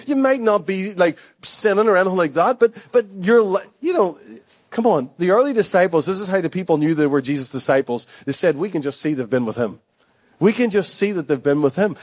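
A man with a fairly high voice delivers a sermon to his congregation. He talks in a loose, conversational way, cracking jokes and correcting himself mid-sentence. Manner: conversational, jokey, self-correcting. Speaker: preacher. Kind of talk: sermon with storytelling.

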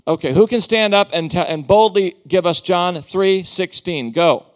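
A man preaching as a guest speaker, animated and joking with the congregation. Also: high voice, normal speed. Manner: animated, theatrical, joking with the crowd. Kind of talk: sermon with book promotion. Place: church hall.

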